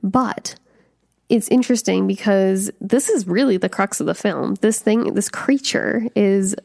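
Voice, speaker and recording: A woman co-hosting a casual film podcast, chatting loosely with lots of "like" and frequent laughter. Her voice has a gravelly, fried edge. The recording is dry and close, with no room echo. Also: medium pitch, measured pace, a little mellow. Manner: chatty, full of "like", laughs often. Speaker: podcast co-host.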